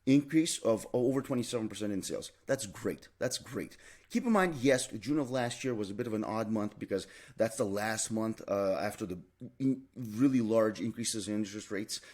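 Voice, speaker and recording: A man's voice: fairly low pitch, moderate pace, a little mellow. A man giving a real estate market update as a realtor, emphatic and repeating his key points, with frequent fillers. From Canada.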